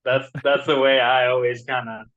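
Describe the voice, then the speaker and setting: A man's voice: mid-range voice, flat delivery, normal speed, a bit bright, highs cut off. A man with a slight Southern accent, chatting as a guest author in a rambling, enthusiastic way and often repeating words. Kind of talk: casual chat.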